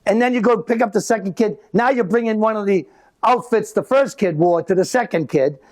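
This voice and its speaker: High-voiced man doing stand-up. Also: brisk. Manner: animated storytelling with acted-out voices. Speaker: stand-up comedian. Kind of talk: live stand-up comedy. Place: live venue with an audience.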